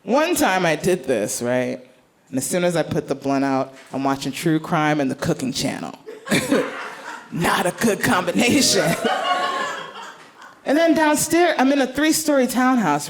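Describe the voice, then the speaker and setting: A woman's voice: fairly low pitch, big pitch swings, moderate pace. A woman comedian telling a theatrical stand-up story on stage, now and then slipping into mock-grand speeches. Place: comedy stage before a live audience. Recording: live room with crowd laughter. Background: audience laughter.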